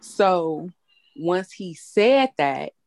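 A woman's voice: on the low side, animated, drawn-out words, darkish tone, dry recording. A young woman hosting a casual chat, talking bluntly and candidly and swearing freely. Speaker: host.

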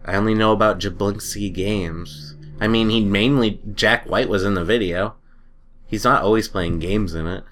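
Bright-voiced joking male podcast co-host. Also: on the low side, normal speed, slight background noise. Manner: joking, rambling, laughs often. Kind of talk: casual chat.

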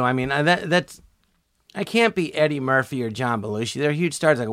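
Male comedian guest; lively anecdote teller who acts out quotes, bright and forward. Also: fairly high pitch, quick pace, no echo. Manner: animated, acts out quoted dialogue with many "I go"s. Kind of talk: storytelling in a podcast interview.

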